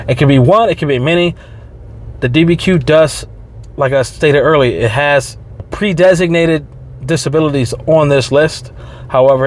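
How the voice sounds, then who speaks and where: A man of middle pitch talks viewers through a disability benefits form. He keeps it casual and slangy, drops joking asides, and speaks to them directly. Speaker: veterans benefits video host. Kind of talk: casual explainer talk.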